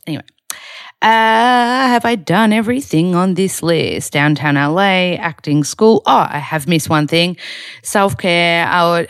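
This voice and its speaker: A woman's voice: deep voice, smooth, dry recording, clean studio sound. A young Australian woman in casual vlog chat, chatty and rambling with lots of fillers. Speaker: vlogger.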